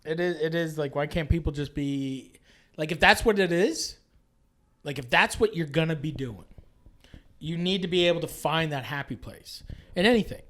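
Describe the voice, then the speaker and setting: A man from Canada in his late thirties, talking as a guest on a podcast. His voice sits high for a man. He rambles and restarts, swears a lot and leans on "like" constantly. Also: moderate pace, a bit bright, a little hiss or hum. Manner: rambling and profane, full of filler "like"s. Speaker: guest chef. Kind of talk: casual podcast chat.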